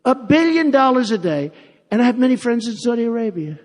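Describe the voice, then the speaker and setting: A man delivering a rambling, boastful campaign speech from a podium microphone. His voice sits high for a man and swings widely in pitch. A long arena reverb trails every phrase. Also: big pitch swings, brisk, a little mellow. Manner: boastful, repetitive, off-the-cuff. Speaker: political candidate. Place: large rally venue.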